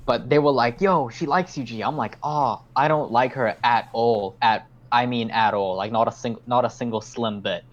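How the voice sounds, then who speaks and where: A man's voice: mid-range voice, normal speed, few pauses, lo-fi sound. A young man hosting a podcast, telling a story in casual chat, rambling, swearing a lot and acting out his own lines. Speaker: podcast host.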